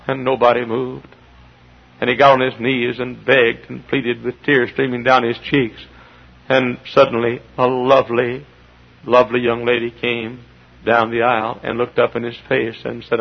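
A middle-aged man preaching as a Baptist pastor, impassioned, dropping to low asides and rising to shouts. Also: monotone, normal speed, vocal fry. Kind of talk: sermon. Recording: dull lo-fi recording.

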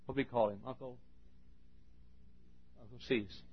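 A man preaching a sermon in a church, swinging between shouted appeals and quiet asides. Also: medium pitch, steady tone, normal speed, breathy edge. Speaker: pastor. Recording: dull lo-fi sermon recording.

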